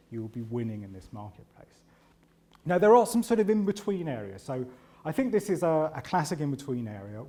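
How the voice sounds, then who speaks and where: A man presenting a conference talk in a lively, conversational way, with a voice sitting a little higher than most men's. He keeps nudging the audience with "right?" and pokes fun at himself as he goes. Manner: animated and chatty, often tags lines with "right?"; self-deprecating humour. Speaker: conference speaker.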